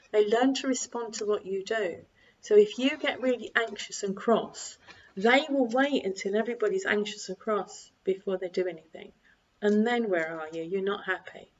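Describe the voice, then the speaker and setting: An older woman, a parenting coach, giving calm advice to camera and acting out bits of dialogue. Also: mid-range voice, normal speed. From United Kingdom. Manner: calm, repetitive, acts out quoted dialogue. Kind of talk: direct-to-camera advice talk. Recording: slightly dull lo-fi recording.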